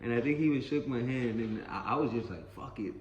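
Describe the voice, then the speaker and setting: A man's voice: mid-range voice, fast talker, muffled recording, a little hiss or hum. Rambling, profane man in an echoey room. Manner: rambling, profane, repeats himself. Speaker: storyteller. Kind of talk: casual spoken storytelling. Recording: roomy echo, faint ambience.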